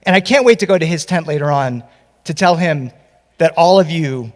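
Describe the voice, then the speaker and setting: Storyteller guy on a festival stage, playful, fairly high voice, echoey. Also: normal speed. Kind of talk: live storytelling performance. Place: festival stage before an audience.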